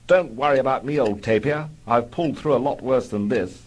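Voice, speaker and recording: A man's voice: mid-range voice, brisk, voice pushed up, natural voice. A man voicing Biggles, an unflappable male squadron leader, in clipped stiff-upper-lip style in a comic audio story. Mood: cool.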